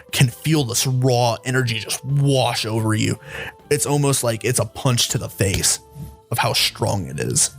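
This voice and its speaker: A man's voice: mid-range voice, vocal fry. A man narrating a tabletop game as dungeon master, in a casual, loose way with many fillers.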